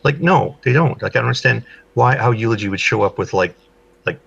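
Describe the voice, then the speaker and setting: A man co-hosting a casual group chat, talking in an animated way as he explains his points. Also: medium pitch, fairly quick, creaky, breathy edge, muffled recording. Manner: chatty, animated when explaining. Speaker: podcast co-host.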